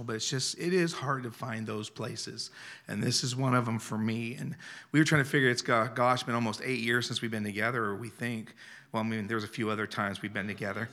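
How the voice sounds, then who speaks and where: A man with a bright, forceful voice preaches as a guest speaker. He is earnest and emotional, often breaking into chuckles. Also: medium pitch, fairly even intonation, fairly quick. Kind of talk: sermon.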